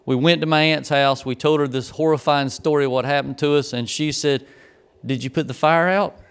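A preacher spins a folksy tale from the pulpit in a slightly high, smooth and clear voice. The man tells it like a storyteller and builds toward the lesson. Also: a little fast. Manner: folksy storyteller, grows excited and laughing in the funny parts. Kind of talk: sermon with a personal story.

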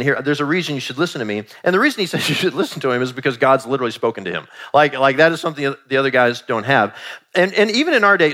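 Animated man preaching a sermon. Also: sits high. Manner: animated, conversational preaching with quoted asides. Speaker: pastor.

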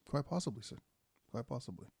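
A man playing a stern dragonborn cleric and war leader in a tabletop game, speaking low and formally. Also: sing-song, quick pace, gravelly, darkish tone, breathy edge, no echo, heavily acted. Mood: solemn.

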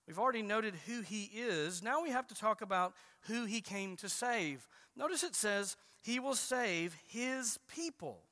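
A man preaching a sermon as a pastor, stressing key phrases slowly and emphatically. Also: sits high, expressive, sharp tone. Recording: reverberant hall.

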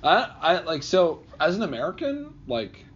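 A New Yorker chats on a podcast, his pitch swinging widely as he tells animated stories. He slips into loud, laughing impressions of other people. The audio is dull and lo-fi, with a faint hiss. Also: normal speed. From New York. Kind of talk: casual chat.

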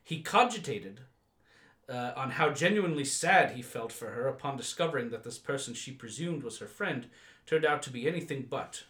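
Man doing a courteous English chap reading his own letter, lively pitch, echoey room. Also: normal speed, natural voice. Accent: put-on English accent. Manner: formal, articulate letter-writer. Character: polite, wordy male listener from England.

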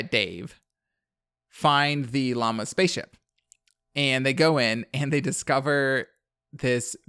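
A man's voice: mid-range voice, a bit bright. A man hosting a podcast who casually recaps a movie in a rambling way, leaning on the word "like" and laughing at his own retelling.

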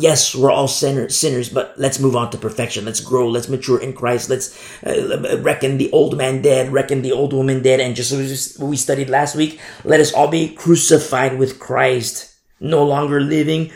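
A pastor preaches emphatically, hammering key phrases and swinging from loud pronouncements to hushed asides. He has a medium-pitched, creaky voice, and the sound is reverberant.

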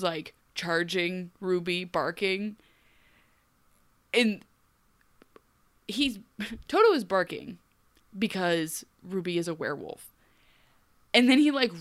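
Smooth-voiced woman podcast co-host. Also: mid-range voice. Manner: animated, wry retelling with frequent laughs. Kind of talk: casual recap chat.

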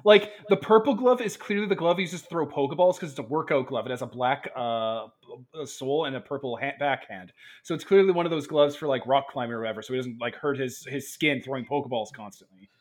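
A man's voice: mid-range voice, fast talker. Guy rambling on about a tabletop campaign, lots of laughing and restarts, casual podcast chat. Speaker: podcast co-host, game master.

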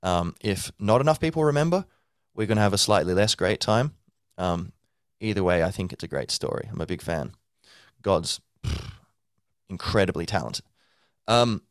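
A man's voice: fairly low pitch, clean tone, no echo, studio quality. A man hosting a podcast, talking casually in a loose, rambling monologue full of fillers and restarts. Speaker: podcast host.

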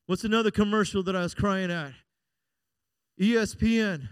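A middle-aged man, a pastor preaching a sermon, calling out "Amen?" and moving between loud and hushed passages. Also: high voice, normal speed, clean tone, no echo. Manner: preaching with call-and-response "Amen?" and swings between loud and quiet.

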